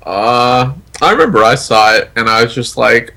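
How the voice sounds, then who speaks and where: A man's voice: medium pitch, creaky, sharp tone. Man telling a story in stumbling bursts. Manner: quick, stumbling storytelling with restarts. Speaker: podcast co-host. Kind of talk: casual chat.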